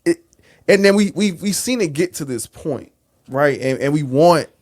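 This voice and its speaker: Animated, lively male podcast co-host. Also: on the high side. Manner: animated, profane, halting restarts. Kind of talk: casual TV review chat.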